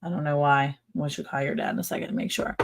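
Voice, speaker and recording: A middle-aged woman hosting a casual livestream chat. She is chatty, quick to laugh, and fills her talk with "like". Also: low-pitched, steady tone, noisy background. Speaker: ranch channel host.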